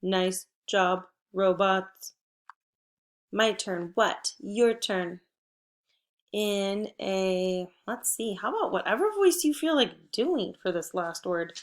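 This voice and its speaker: A woman teacher giving a spelling and phonics lesson to first graders, patient and encouraging, prompting with clear cues. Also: mid-range voice, expressive, takes it slowly. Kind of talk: phonics lesson for young children.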